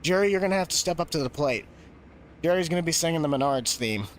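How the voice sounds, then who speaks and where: A man's voice: fairly high pitch, expressive, fast talker, a little hiss or hum. Chatty man on a game stream. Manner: rambling, chatty, answers chat. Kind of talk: casual live-stream chat.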